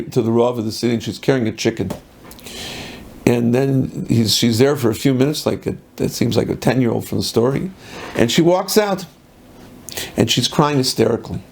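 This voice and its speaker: Rabbi, sermon storyteller, gravelly and husky, mid pitch, mixes in Yiddish. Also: male voice. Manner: animated storyteller with Yiddish-English.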